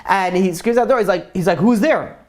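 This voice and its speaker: A woman telling a story in a casual, chatty way, often saying "like" and clearing her throat. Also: mid-range voice, fast talker.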